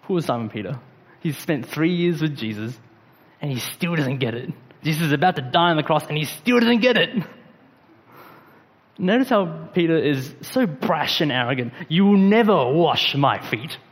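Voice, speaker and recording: A man preaching a sermon in a relaxed, conversational way, with slang and frequent fillers. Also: fairly high pitch, normal speed, in a large hall. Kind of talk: casual sermon.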